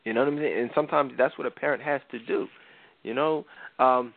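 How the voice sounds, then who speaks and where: A man's voice: mid-range voice, fairly quick, creaky, no room sound. A man hosting a talk show, retelling a Bible story in casual slang and acting out the quotes. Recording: dry, phone-like radio sound.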